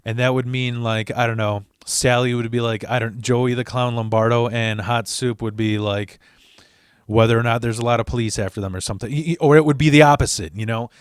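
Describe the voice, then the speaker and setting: A man's voice: mid-range voice, steady tone, fairly quick, clear, resonant tone, dry recording. Brief: man, mid-range voice, loose and foul-mouthed storyteller, dry close sound. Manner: rambling and profane, with restarts and asides. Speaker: storyteller host of his channel. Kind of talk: casual storytelling.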